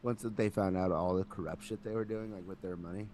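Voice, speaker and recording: A man's voice: low voice, steady tone, fairly quick, darkish tone, a little hiss or hum. A man co-hosting a podcast in casual chat, joking and sarcastic, with crude wisecracks. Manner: joking, sarcastic banter, profane. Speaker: podcast co-host.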